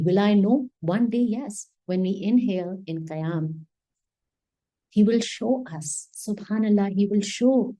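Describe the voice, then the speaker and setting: A woman teaching a devotional Quran reflection, impassioned and emphatic, often slowing to stress single phrases and moving between English and Hindi. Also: mid-range voice, warm tone, low-quality recording. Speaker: Islamic teacher.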